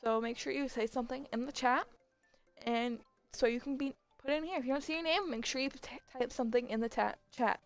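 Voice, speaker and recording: High-voiced young woman hosting a livestream. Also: a little fast, soft background music. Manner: excitable, gasps and laughs, squeals when thanked. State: sore throat from screeching. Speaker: livestream host running giveaways. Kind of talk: casual livestream chat.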